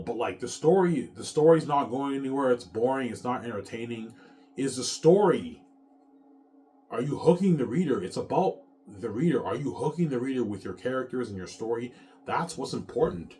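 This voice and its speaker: A man's voice: mid-range voice, expressive, moderate pace, darkish tone. A man in his thirties, an author talking casually to his viewers in a rambling, profane rant, repeating words and tacking "man" onto his sentences. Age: 30s. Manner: repeats words and restarts often. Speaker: author vlogger.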